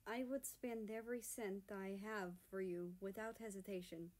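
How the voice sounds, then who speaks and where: A woman voicing a calm, loving father. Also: medium pitch, moderate pace, natural voice. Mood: tender. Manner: soft, gentle, steady. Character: middle-aged father, calm and loving husband.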